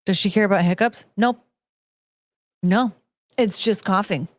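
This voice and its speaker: A woman's voice: mid-range voice, measured pace, dry recording, clean studio sound. A woman hosting a casual livestream who rambles, chats to her pet and breaks into bits of song. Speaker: podcast host.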